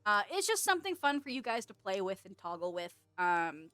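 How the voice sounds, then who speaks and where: A woman's voice: medium pitch, very animated, brisk, fairly bright tone, clear, resonant tone, no room sound. Young adult woman streamer, loose giggly rambling chat, dry close mic, faint music underneath. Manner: giggly, rambling, swears casually.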